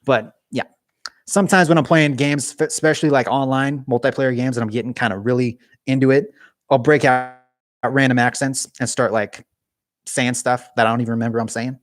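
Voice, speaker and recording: Young man, live-stream chat, animated and chatty, mid pitch, dry close sound. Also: a little fast, no echo. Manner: casual, animated, talks with his hands; chatty with frequent restarts. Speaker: YouTube gaming channel host.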